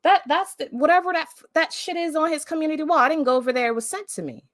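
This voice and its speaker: A woman's voice: sits high, quick pace, no echo, studio quality. A woman hosting a live stream, talking bluntly and emphatically with heavy swearing in casual commentary. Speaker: livestream host.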